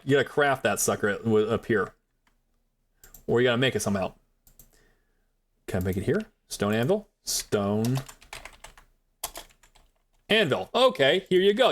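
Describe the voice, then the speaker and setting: Animated young man streaming a game. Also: on the high side. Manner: rambling, chatty, talks to chat while playing. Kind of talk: live gameplay commentary.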